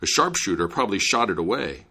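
A man voicing a band of huge, brutish male giants in a storybook reading, gruff and blustering. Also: fairly low pitch, big pitch swings, quick pace, pushed and bright, heavily acted.

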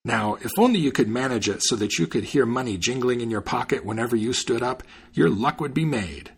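A man's voice: mid-range voice, expressive, a little fast, vocal fry, husky. A man reading the part of a shrewd male tradesman who talks in a coaxing, salesman-like way. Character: smooth-talking male tradesman, shrewd and persuasive.

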